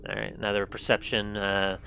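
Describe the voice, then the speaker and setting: A man narrating as game master of a tabletop role-playing game, setting scenes in an unhurried, descriptive way. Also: lowish voice, completely flat delivery, vocal fry, pushed and bright, a little hiss or hum.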